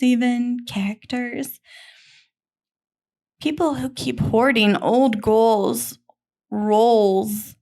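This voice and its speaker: A woman hosting a film reaction, talking in an earnest, soft-spoken, emotional way with long pauses. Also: mid-range voice. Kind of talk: reflective reaction monologue.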